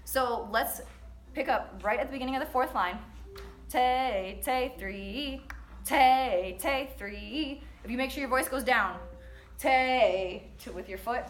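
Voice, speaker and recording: A woman's voice: on the high side, a little slow, roomy sound, slight background noise. A woman teaching a percussion lesson, counting and singing rhythms aloud in an upbeat, breezy way.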